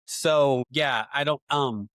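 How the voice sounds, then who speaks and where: A man's voice: medium pitch, slow pace, a bit bright, no echo, studio quality. Reflective man hosting a dads podcast. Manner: reflective, acts out quoted parent moments. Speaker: podcast host, father. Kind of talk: casual podcast conversation.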